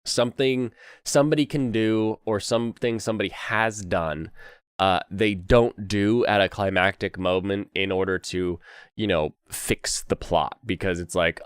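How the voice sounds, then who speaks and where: A sick young man hosts a casual anime chat, rambling with lots of fillers and quick laughs. His voice is fairly low, smooth and resonant, recorded close in a dry space. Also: fairly even intonation, no echo. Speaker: host.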